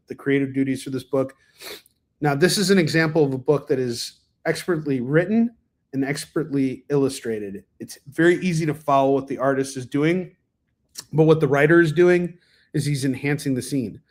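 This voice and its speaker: A man hosting a casual livestream, reviewing comics in a rambling, enthusiastic way, full of fillers and restarts, with a cough now and then. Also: on the high side. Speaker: comic book reviewer, stream host.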